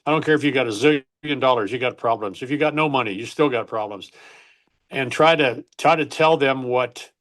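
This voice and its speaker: A man's voice: medium pitch, fairly quick, a bit bright. An older man, a former baseball coach, earnestly telling an emotional personal story in an interview, often stopping to correct himself.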